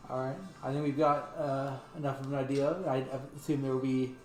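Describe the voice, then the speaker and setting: A man playing a tabletop role-playing game, asking quick, playful questions. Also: mid-range voice, little pitch movement. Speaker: player. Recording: roomy, music behind.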